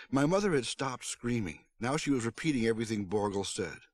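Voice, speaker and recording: A man narrating a storybook aloud on his stream, with an expressive read-aloud delivery. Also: medium pitch, brisk, few pauses, no echo, studio quality. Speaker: streamer reading a book aloud.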